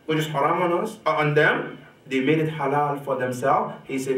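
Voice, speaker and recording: Man, sermon, fairly high voice, emphatic rises and drops, distant mic. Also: moderate pace, a bit bright. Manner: emphatic, rising sharply on key points and dropping low on quotations; repeats rhetorical "right?" to the congregation. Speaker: sheikh giving a religious lecture. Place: mosque or community center hall. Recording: echoey hall, mic from a distance.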